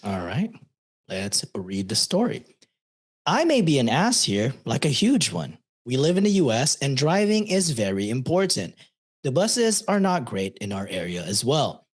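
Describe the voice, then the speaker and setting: Man, podcast co-host, casual story reading, loose and sweary, bouncy pitch. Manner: loose, swearing, reads in a chatty tone.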